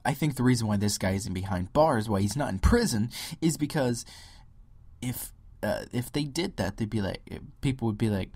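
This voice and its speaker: A man's voice: lowish voice, animated, moderate pace, a little mellow, breathy edge, no room sound. A young man hosting a solo podcast, ranting and mocking other views with impressions and sudden whispers. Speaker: podcast host. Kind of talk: solo political rant.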